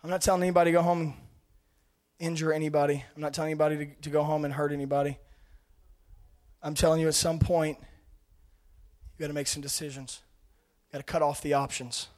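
A male preacher delivering a fervent sermon in a notably high voice. His intensity swings from loud, urgent declarations down to hushed, almost whispered stretches. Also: little pitch movement, quick pace, long pauses. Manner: impassioned, swinging from shouting to hushed.

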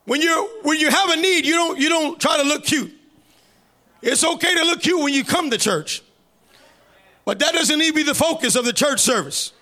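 A man preaching a sermon as pastor, fervent and building into shouted cries. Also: very high-pitched, moderate pace.

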